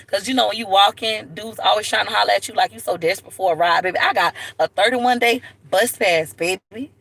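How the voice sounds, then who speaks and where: A woman telling stories to camera in a blunt, animated way, often calling viewers "baby". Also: medium pitch, fast talker, creaky, slightly rough. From Florida, USA. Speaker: vlogger. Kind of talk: casual storytelling to camera.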